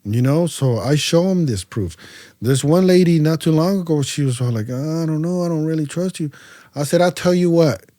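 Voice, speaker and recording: A man from California's Central Valley, a podcast guest telling stories in a casual way, acting out both sides of his conversations with lively voices and often stumbling over and repeating his words. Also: a little high, normal speed, no echo, studio quality. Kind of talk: casual storytelling.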